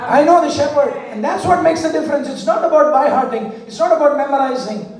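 A man's voice: very high-pitched, fast talker, darkish tone. A man preaching a sermon, leading the congregation in call-and-response and telling stories. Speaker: pastor. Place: large church hall. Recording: echoey hall, voice from far off.

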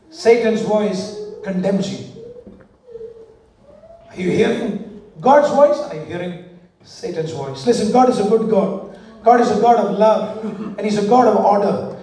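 A male pastor with a high, warm voice preaches a sermon in a church, using rhythmic call-and-response and repeated parallel phrases. He's recorded from far off in an echoey church hall, with a little hiss or hum.

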